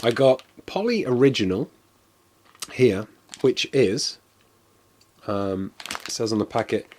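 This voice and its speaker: A man's voice: medium pitch, lively intonation, slow, darkish tone, a little hiss or hum. Englishman streaming live, loose and self-deprecating, lots of fillers. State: coughing, something went down the wrong way. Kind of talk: casual live-stream taste test.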